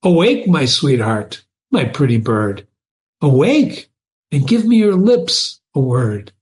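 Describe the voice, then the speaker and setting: A man voicing a lovesick young male suitor who gushes and pleads in florid love talk, raising his voice a little higher than his narration. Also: big pitch swings, slow. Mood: pleading.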